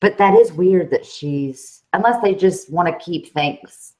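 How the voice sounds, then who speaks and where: A Southern woman with a fairly low voice chats casually as a co-host. She is animated and talkative, and her pitch swings widely as she talks. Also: measured pace, poor audio. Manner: animated, chatty, laughs often. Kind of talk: casual chat.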